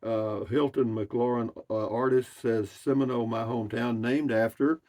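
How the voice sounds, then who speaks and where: A man's voice: medium pitch, steady tone, moderate pace, a little mellow. An older man, casually reading out and answering viewer comments in a folksy, rambling way. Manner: rambling and folksy, drawling with slangy asides.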